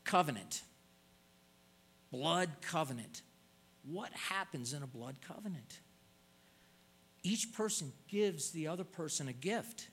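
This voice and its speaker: A man's voice: fairly high pitch, lively intonation, slow, pauses often, a bit bright, husky. An older man preaching a sermon in an earnest way, stretching out words and pleading as he stresses points.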